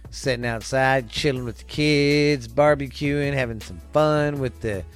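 A man's voice: mid-range voice, measured pace, soft background music. A man hosting a vlog, reading viewer comments aloud with crude jokes and rambling asides.

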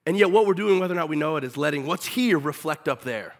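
A man preaching a sermon in a casual, animated way with everyday slang. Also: a little high, fast talker.

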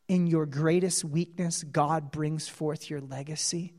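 A male preacher giving a sermon, telling a story earnestly with dramatic pauses. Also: fairly high pitch, fairly even intonation, a little mellow. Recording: long hall reverb.

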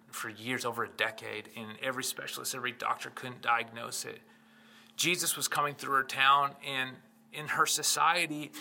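A man's voice: mid-range voice, pushed and bright, slight background noise. A man, a pastor, preaching a sermon with impassioned delivery, retelling scripture stories and building in intensity. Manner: storytelling scripture accounts.

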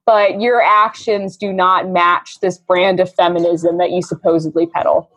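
A woman's voice: lowish voice, level tone, moderate pace, fairly bright tone. Indignant woman podcast co-host. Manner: indignant, heated, swears casually. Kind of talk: casual chat.

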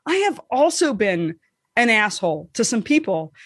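A woman co-hosting a podcast, telling a story in casual chat, animated and swearing freely, acting out the voices she quotes. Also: medium pitch, normal speed, dry recording, clean studio sound. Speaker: podcast co-host.

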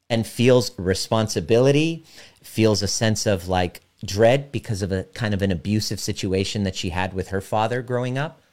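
Low-voiced man coaching a live audience. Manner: direct, emphatic, slows down for guided visualization. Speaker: relationship coach.

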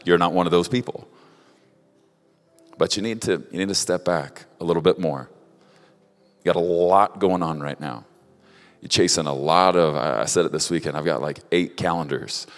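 A man giving prophetic words to people one at a time, speaking directly to each in a halting way, often repeating words. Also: low voice. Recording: long reverb of a large hall.

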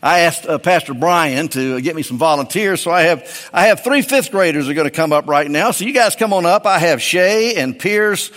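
Man preaching a sermon, higher voice, echoing hall. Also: moderate pace, fairly bright tone. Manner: folksy and joking with the congregation. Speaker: pastor. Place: church.

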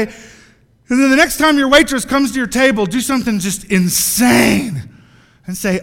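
Bright, high-voiced man preaching in a hall. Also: moderate pace. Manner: animated, joking, acts out little scenes. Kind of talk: sermon.

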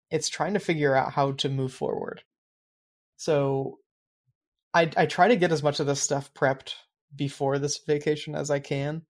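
A man co-hosting a podcast in casual chat, rambling and reflective, with many fillers. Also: on the high side. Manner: reflective, explains his planning habits at length. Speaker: podcast co-host.

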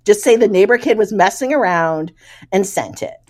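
A woman's voice: mid-range voice, normal speed. A middle-aged woman co-hosting a podcast, telling a funny story from her past in casual chat. She laughs often and acts out the people in it. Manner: animated, laughing storyteller who acts out quoted voices. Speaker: podcast co-host.

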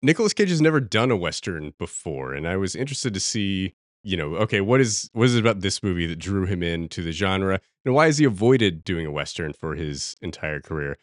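A man with a very low voice talks through a movie he watched, in a loose, rambling way, with the dry, close sound of a podcast mic. He keeps laughing at the scenes he describes. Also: big pitch swings, brisk, hardly any pauses, no echo. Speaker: podcast co-host. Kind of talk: casual film review chat.

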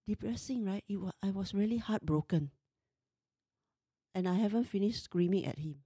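A woman's voice: medium pitch, moderate pace, dark tone, breathy edge, no echo, studio quality. A woman in her fifties tells a personal story in an emotional, exasperated way. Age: 50s.

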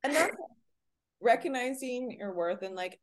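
A woman's voice: fairly high pitch, a little slow. A young woman in casual podcast chat, telling a dating story with lots of "like" and acted-out quotes. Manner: animated storytelling, heavy on "like", acts out quotes. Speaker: podcast co-host.

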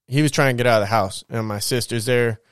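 Rambling smooth-voiced man, dry close sound. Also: mid-range voice, fairly even intonation, fast talker, no echo. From Southern California. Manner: rambling, loose slang with many fillers. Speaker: podcast host telling his life story. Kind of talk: casual storytelling.

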